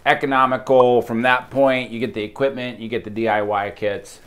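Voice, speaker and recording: A man's voice: medium pitch, little pitch movement, normal speed, fairly bright tone. A middle-aged man co-hosting as a butcher, chatting casually and joking while he tastes the food. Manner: enthusiastic, jokey. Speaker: butcher and co-host. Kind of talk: casual tasting chat.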